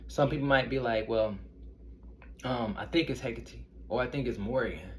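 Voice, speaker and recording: A man's voice: mid-range voice, moderate pace, a little hiss or hum. A man in his thirties who works as a spiritual medium, talking casually to his viewers in a rambling way and often asking them questions. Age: 30s. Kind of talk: casual talk to camera.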